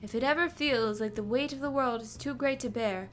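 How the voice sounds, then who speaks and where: A woman plays a motherly old lady with a soft, comforting way of speaking. She offers gentle consolation in a slightly raised voice. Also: fairly high pitch, fairly quick, soft background music, lightly acted. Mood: consoling. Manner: gentle, consoling, calls people dear.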